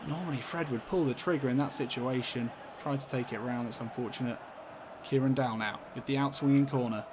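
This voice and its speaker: A man commentating on his own football video game, casual and sweary, calling the play and getting loud on goals. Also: mid-range voice, fairly even intonation, a little fast, a little hiss or hum. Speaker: gaming commentator.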